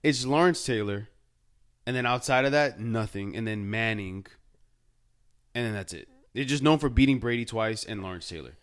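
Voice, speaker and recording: A man's voice: lowish voice, normal speed, clear, resonant tone. A man co-hosting a podcast, casually arguing football and hedging his points. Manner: argumentative, hedging. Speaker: podcast co-host. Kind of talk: casual sports chat.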